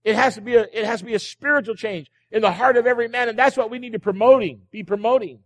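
A man's voice: very high-pitched, fast talker. A male pastor preaching a sermon in a church, emphatic, repeating key phrases and asking the congregation rhetorical questions. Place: church sanctuary. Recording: long hall reverb from the church.

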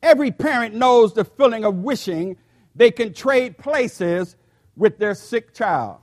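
An older male pastor preaching in his sixties, with a high voice for a man. He talks slowly and deliberately, sometimes doubling his words as he addresses the congregation. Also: animated. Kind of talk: sermon.

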